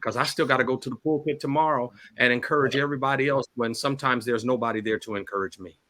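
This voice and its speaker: A middle-aged man with a bright, forceful voice speaks about loss as a talk-show guest. He pauses often and repeats words, his speech halting. His pitch sits in the middle range. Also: fairly even intonation. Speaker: pastor and guest. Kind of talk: emotional talk-show testimony.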